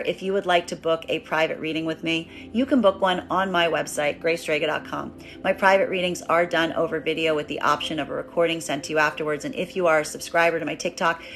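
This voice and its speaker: A woman giving a tarot reading to her viewers in an animated way, acting out quoted voices and repeating words for emphasis, with soft music playing behind. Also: on the low side. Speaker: tarot reader. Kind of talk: collective tarot reading monologue.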